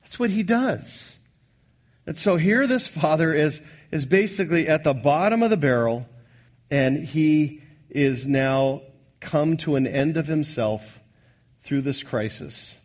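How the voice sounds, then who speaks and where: Man, pastor, sermon, earnest, repeats lines, loud then quiet, fairly high voice. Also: animated, measured pace. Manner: earnest preaching, repeats key lines, swings from loud to soft.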